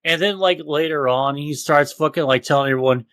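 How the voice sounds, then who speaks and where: A man's voice: on the high side, fairly quick, few pauses, fairly bright tone, no room sound. A man co-hosting a casual podcast, swearing heavily and ranting. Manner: profane, ranting, mocks others in exaggerated voices. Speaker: podcast co-host.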